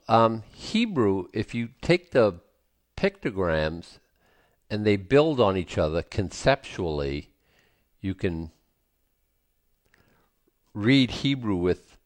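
Male Bible teacher, low and slow, reads verses then explains with casual asides; dry, close recording. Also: big pitch swings, no echo. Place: indoors, presenting to a screen.

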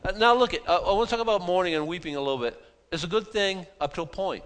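A man preaching an expository sermon, animated, with frequent restarts and acted-out pleas. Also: sits high, fast talker, smooth. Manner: animated, dramatizes pleas in voiced asides; frequent restarts and repeated words. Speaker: pastor.

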